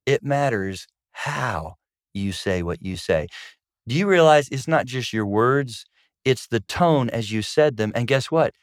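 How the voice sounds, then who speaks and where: A man's voice: medium pitch, expressive, unhurried, no echo, clean studio sound. A middle-aged man, a marriage counselor co-hosting a talk about marriage, who speaks emphatically and keeps stressing points with "guess what". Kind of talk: conversational teaching on marriage.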